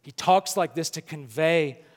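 High-voiced preacher in a reverberant hall. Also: male voice. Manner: builds to loud emphatic preaching, slows for scripture. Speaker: pastor. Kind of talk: sermon.

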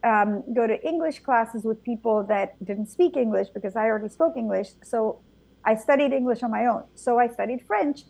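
A middle-aged woman from Argentina, a native Spanish speaker, tells her stories in a lively, meandering way. Her fairly high voice has a gravelly edge. The recording is dry and close, with little room sound. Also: moderate pace, dry recording, rough recording. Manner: animated storytelling with frequent restarts. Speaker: guest, vintner and physician. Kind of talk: conversational interview.

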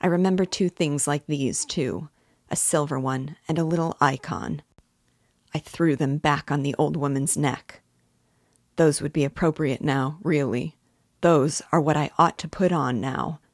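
Woman doing a restless bitter young guy, kinda incoherent, low slow voice. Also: no room sound, studio quality. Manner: restless, incoherent, self-mocking. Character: agitated young male student, feverish, bitter.

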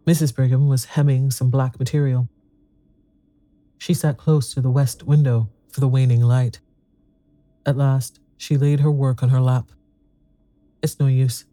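A man narrates a story in an even, measured way. His voice is very dark and mellow. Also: medium pitch, dry recording. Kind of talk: audiobook narration.

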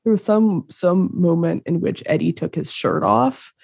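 A woman's voice: fairly low pitch, unhurried, creaky, darkish tone, slightly rough, no room sound, clean studio sound. A woman chatting casually on a podcast, laughing often and restarting her sentences. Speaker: podcast player. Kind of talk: casual chat.

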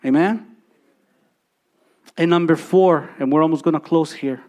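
A man in his thirties preaching a sermon, his voice sitting a little high for a man. He drives points home with repeated phrases, rising loud and then dropping to near quiet. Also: unhurried. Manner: emphatic preaching with repetitions and swings from loud to soft. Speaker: pastor.

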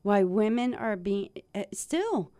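A woman's voice: medium pitch, big pitch swings, takes it slowly, dark tone, no echo. A woman speaking straight to her viewers in a casual monologue, wandering and searching for her notes, then heated and swearing. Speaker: video host.

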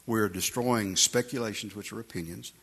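A man's voice: fairly low pitch, a little fast, gravelly, a bit bright, husky, in a large hall. A man giving an emphatic, conversational sermon to men, calling them "guys" and "man". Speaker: men's ministry speaker.

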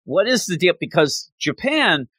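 A man co-hosting a podcast and telling a casual, joking recap of a cartoon episode like an animated storyteller. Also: high voice, measured pace, husky, dry recording. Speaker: podcast co-host.

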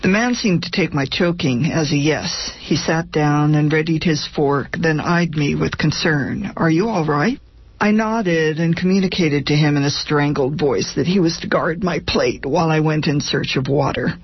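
A woman guest author reads her memoir aloud with dry, wry storytelling. Her voice is gravelly and husky. It is recorded close and dry, with a dull, lo-fi sound. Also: sits low, moderate pace, few pauses, dry recording. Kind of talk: reading a memoir excerpt aloud.

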